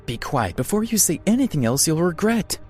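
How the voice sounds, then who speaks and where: A man's voice: on the high side, very animated, measured pace, fairly bright tone, breathy edge, soft background music, voice pushed up, exaggerated voice. A man voicing an arrogant, wealthy male media mogul in a story, speaking with scorn and bluster. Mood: threatening.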